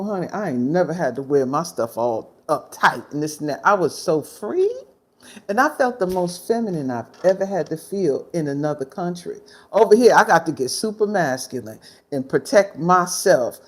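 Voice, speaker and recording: Animated, blunt woman ranting outdoors. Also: lowish voice. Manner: blunt, animated, swearing freely. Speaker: vlogger. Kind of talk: casual storytime rant. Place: outdoors in the sun.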